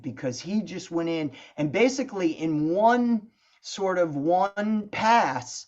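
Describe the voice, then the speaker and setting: A middle-aged man, a guest songwriter, telling stories in a casual interview, chatty and animated, filling his talk with "you know" and "man". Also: sits high, slow pace. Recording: dull lo-fi sound.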